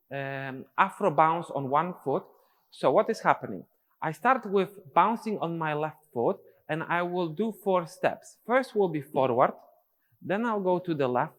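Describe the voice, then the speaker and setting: A man's voice: fairly high pitch, fairly bright tone, long reverb tail. A male dance teacher, explaining steps and counting rhythms aloud in syllables. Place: dance studio.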